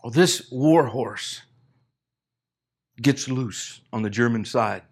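A middle-aged man preaching a sermon, retelling a story and acting out the characters' lines, building to loud, emphatic peaks. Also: medium pitch, slow pace, vocal fry, slightly rough. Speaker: pastor.

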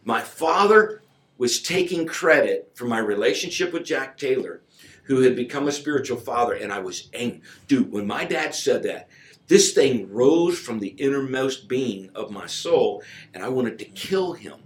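A man telling a personal faith story in casual conversation, emphatic and informal, his voice swinging from loud to hushed. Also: medium pitch, lively intonation, normal speed, roomy sound. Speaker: guest sharing a personal testimony.

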